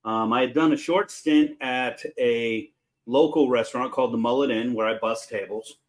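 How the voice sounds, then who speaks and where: A man's voice: medium pitch, moderate pace, rough recording. Folksy middle-aged man telling kitchen stories. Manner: folksy, animated storyteller with fillers. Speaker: chef and show host. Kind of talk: casual storytelling.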